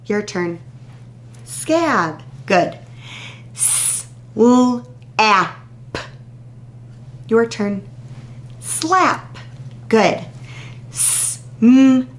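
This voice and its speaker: Very slow, patient woman teacher. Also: mid-range voice, very animated, a bit bright. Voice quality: crisp, exaggerated sounding-out of speech sounds. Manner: patient, drawn-out, encouraging praise after pauses. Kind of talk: slow, deliberate phonics lesson to young children.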